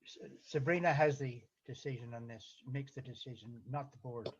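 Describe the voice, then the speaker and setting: A man chairing a board meeting, formal and halting, reading out a motion slowly. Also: mid-range voice, husky, muffled recording.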